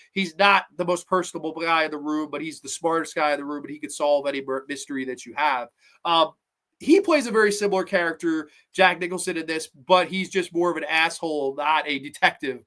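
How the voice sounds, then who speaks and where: A man hosting a podcast, chatting casually about a film in a rambling, excitable way and swearing often. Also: fairly high pitch. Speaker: podcast host. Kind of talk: casual movie review chat.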